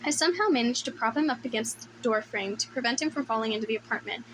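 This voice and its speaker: A woman reads a first-person novel in a wry, conversational voice that sits fairly high. A steady background noise runs under the recording. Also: fast. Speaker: audiobook narrator.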